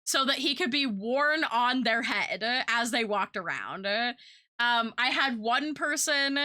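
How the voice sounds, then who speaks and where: Bright, high-voiced chatty woman streamer. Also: unhurried. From Kentucky. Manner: chatty, animated, lots of fillers and quoted voices. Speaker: streamer and artist. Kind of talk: casual storytelling chat.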